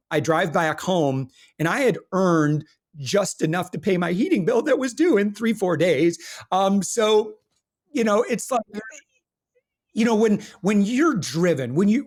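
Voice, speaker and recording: A man's voice: sits high, animated, unhurried, darkish tone. A middle-aged man telling his business story as a podcast guest, candid and self-deprecating, with many fillers and restarts. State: briefly choked up. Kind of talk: conversational interview storytelling.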